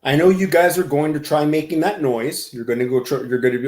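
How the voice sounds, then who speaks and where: Male streamer, casual and rambling, laughs often, voice on the high side, roomy echo. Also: brisk, a little mellow. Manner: rambling, laughing, reacting to chat. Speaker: livestream host. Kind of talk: casual livestream chat.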